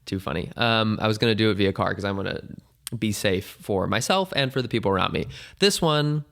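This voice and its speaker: A young man hosting a casual solo podcast, his voice hoarse and weak, rambling along in a jokey, self-deprecating way. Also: fairly low pitch, animated, brisk, fairly bright tone. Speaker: podcast host.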